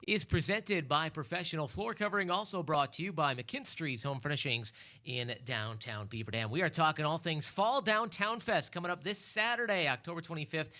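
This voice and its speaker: A man hosts a local radio talk show, reading the sponsor credits before bringing in his guests. His voice sits a little high and sounds bright and upbeat. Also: moderate pace. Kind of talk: radio host chat.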